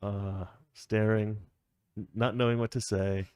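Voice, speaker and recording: A man's voice: on the low side, flat delivery, unhurried, a little mellow, smooth, no echo, studio quality. A man hosting a casual political commentary show, opinionated and rambling, chuckling often as he talks. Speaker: show host.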